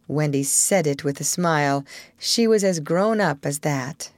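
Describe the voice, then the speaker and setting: A woman narrating a storybook aloud in an expressive, gently wistful way. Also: low voice, measured pace, no room sound, studio quality. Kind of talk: storybook reading.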